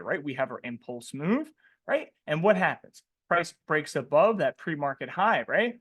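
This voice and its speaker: Animated man with a high lively voice. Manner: animated, asks questions and tags "right?" constantly; slangy and joking. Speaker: trading coach. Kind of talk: live webinar teaching.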